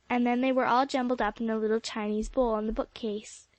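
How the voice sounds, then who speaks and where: A woman narrating a children's story in a steady audiobook reading. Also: a little high, brisk, hardly any pauses, no room sound. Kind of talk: scripted narration.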